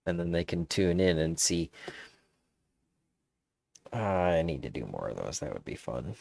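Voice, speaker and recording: A man's voice: sits low, sing-song, measured pace, creaky, darkish tone, no room sound. A man musing aloud in a meandering, casual monologue, restarting his sentences as he thinks.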